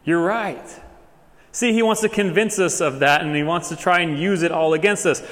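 A man preaches in a relaxed, chatty way, full of fillers and quick asides. His voice sits a bit high for a man. The sound carries a long echo from a church hall. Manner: casual, conversational preaching with many fillers. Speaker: pastor. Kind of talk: sermon.

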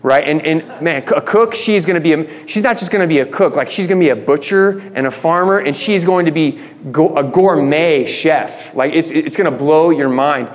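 A man's voice: on the high side, moderate pace, few pauses. A man preaching a conversational Bible sermon as a pastor, enthusiastic and often restarting his phrases. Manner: enthusiastic, repeats words as he restarts. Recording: long reverb.

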